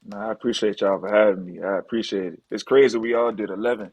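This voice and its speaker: A man's voice: fairly low pitch, steady tone, fast, darkish tone, breathy edge, no room sound, dull audio. A man in his thirties talking as a podcast guest, laid-back and explaining things casually. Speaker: podcast guest, former pro basketball player. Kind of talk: casual interview talk.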